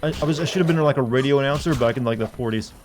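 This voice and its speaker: A man's voice: mid-range voice, very fast, a little mellow, soft background music. A man streaming a game, chatting casually and rambling with frequent restarts and asides. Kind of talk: casual gameplay commentary.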